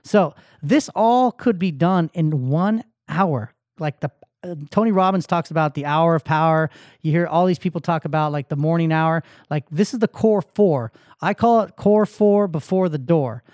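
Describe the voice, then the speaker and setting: A man's voice: on the high side, normal speed, dry recording. Hyped-up motivational man, dry sound. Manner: energetic, swings from hyped shouts to quiet emotional tones. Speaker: podcast host. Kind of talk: motivational talk.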